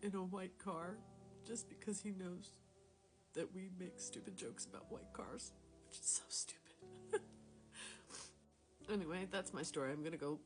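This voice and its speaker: A woman telling a personal faith story in a casual, rambling, self-deprecating way, dropping into quiet whispers at times, recorded on a phone. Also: fairly low pitch, normal speed, pauses often. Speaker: Christian storyteller sharing a testimony. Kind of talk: casual spoken testimony. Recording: music playing clearly behind the voice.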